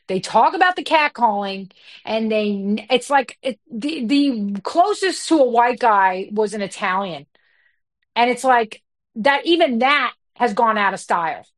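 A woman's voice: on the high side, lively intonation. A woman comedian telling a story in blunt, candid conversation, her talk full of fillers. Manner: blunt and fast-flowing, with many fillers.

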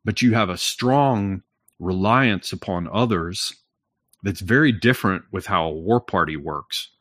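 A lowish male voice in casual chat, blunt and profane, building his point with a steady string of "right?"s. The recording is dry and close, with no room sound. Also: a little slow, dry recording. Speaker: podcast talker.

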